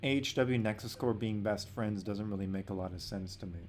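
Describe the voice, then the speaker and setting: A man's voice: fairly low pitch, a little fast, a little mellow, slight background noise. A man hosting a casual livestream, answering chat questions bluntly and swearing freely.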